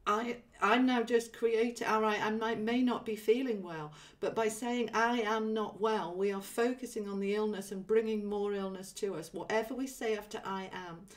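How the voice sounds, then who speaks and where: A woman hosting a relaxed spiritual livestream, talking in an easy, chatty way with plenty of ums. Her voice sits at a middling pitch and sounds a little distant from the microphone. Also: moderate pace, hardly any pauses. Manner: relaxed, chatty, many ums, reads viewer comments aloud. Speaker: livestream host. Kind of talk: casual spiritual livestream chat.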